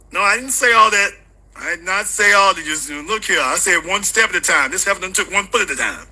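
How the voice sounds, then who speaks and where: A man hosting a call-in livestream show, chatting casually with loud, teasing, comedic rants. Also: sits high, lively intonation, moderate pace, slightly rough, poor audio. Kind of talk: casual live-stream chat.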